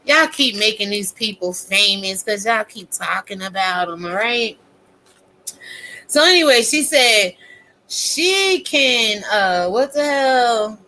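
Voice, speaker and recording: A woman's voice: mid-range voice, lively intonation, slow, sharp tone, rough recording. A woman content creator ranting casually to her viewers, blunt, profane and preachy.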